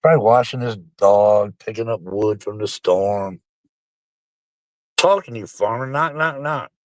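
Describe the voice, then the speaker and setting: A man's voice: lowish voice, a little slow, darkish tone, no echo. A middle-aged man, rambling casually and profanely to his live-stream chat, calling them folks.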